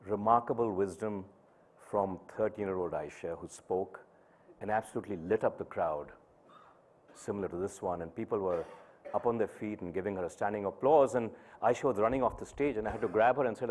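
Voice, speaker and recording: A man's voice: fairly low pitch, fairly quick, darkish tone. Middle-aged man, inspirational speaker, storytelling with acted-out dialogue. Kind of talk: inspirational talk. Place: conference hall stage.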